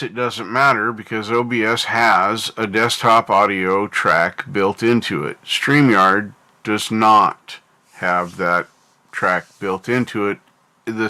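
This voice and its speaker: Slow, rambling North American man. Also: fairly low pitch, sharp tone. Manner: rambling, thinks aloud, talks to chat. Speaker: livestream host. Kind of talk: casual livestream chat.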